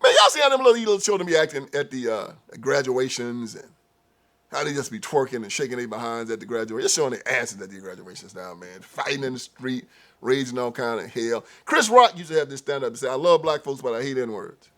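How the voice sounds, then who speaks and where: A man hosting his own show, delivering an opinion commentary monologue that swings between loud outbursts and low mutters, with frequent laughter. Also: animated, fast. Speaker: show host.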